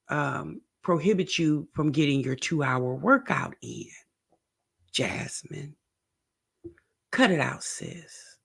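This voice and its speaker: A woman's voice: fairly low pitch, gravelly, fairly bright tone. A woman hosting a reaction video, giving blunt, sassy commentary and speaking straight to the person on screen.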